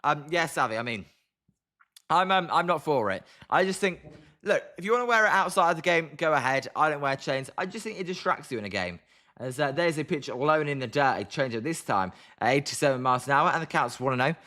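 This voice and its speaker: A British man commentating a baseball game on a live stream, calling pitches and chatting with viewers by name. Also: lively intonation, fairly quick, pushed and bright. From Britain. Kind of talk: casual live play-by-play and chat reading.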